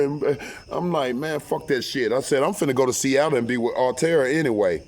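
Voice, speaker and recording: A man tells a personal story in rough, profane talk. He gets animated and loud when acting out what was said, and stumbles over repeated words. His voice sits at an ordinary middle pitch. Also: fairly quick. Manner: profane, animated, acts out quotes loudly. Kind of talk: casual storytelling.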